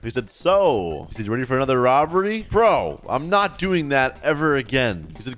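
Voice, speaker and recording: A young man hosting a role-play game video, narrating his moves and reading out the other players' lines in an animated way. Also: mid-range voice, brisk, few pauses. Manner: animated, swings from hushed guilt to loud excitement. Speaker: gaming video host. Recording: faint background music.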